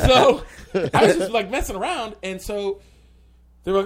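A man's voice: sits high, expressive, normal speed, pauses often. A male comedian telling a story on a podcast, rambling and full of filler words. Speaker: comedian guest.

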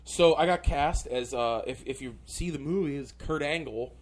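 A man's voice: a little high, normal speed. A male comedian telling a story on a podcast, rambling and full of filler words. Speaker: comedian guest.

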